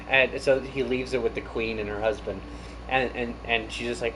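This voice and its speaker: A man chatting casually while playing a game, laughing a lot and rambling excitedly. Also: medium pitch, a little fast, slight background noise, poor audio. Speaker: game show host. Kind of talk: casual gameplay banter. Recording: game music playing behind.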